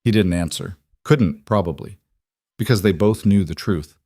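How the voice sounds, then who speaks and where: A man narrating a romantic drama story in a measured, dramatic scripted reading. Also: low voice, a little mellow, no echo, clean studio sound.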